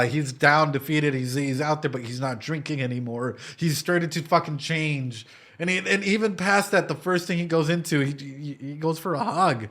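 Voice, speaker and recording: A young man with a somewhat high, very bright, sharp voice talks fast and loose into a streaming mic. He reacts with emotional energy, explains ideas like a psychologist, and swears often. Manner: animated, swearing, emotional, laughs and nearly cries. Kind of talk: casual reaction commentary. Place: home streaming room.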